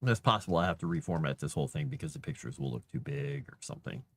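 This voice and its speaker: A man on a casual livestream, thinking aloud to himself as he formats a document and grumbling at the software. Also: very deep voice, animated, racing, slightly rough. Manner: mutters to himself while working, grumbles at software.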